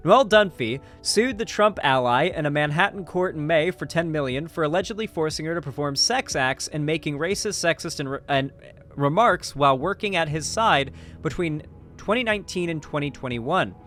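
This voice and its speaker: A man's voice: a little high, expressive, normal speed, fairly bright tone, faint music behind. A man reading news articles aloud and breaking off into sarcastic, profane asides as a commentary host. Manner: sarcastic, swears freely, trails off mid-sentence. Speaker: political commentary YouTuber.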